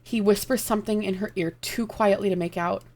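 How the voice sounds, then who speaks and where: A woman narrates a dark fantasy tale live, reading with expressive, dramatic weight. Her mid-pitched voice carries a steady gravelly fry at the ends of phrases. It is a live stream reading. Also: fairly quick. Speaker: streamer reading stories aloud.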